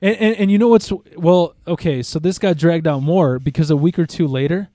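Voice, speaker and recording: Guy ranting through a story, mellow voice, dry close sound, swears a lot. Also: fairly high pitch, brisk, no room sound. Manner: animated, profane, acts out quotes. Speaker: podcast co-host. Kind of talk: casual chat, storytelling.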